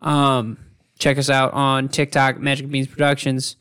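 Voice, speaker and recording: A podcast host in casual chat, unhurried and self-mocking. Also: mid-range voice, little pitch movement, a bit bright, clear, resonant tone.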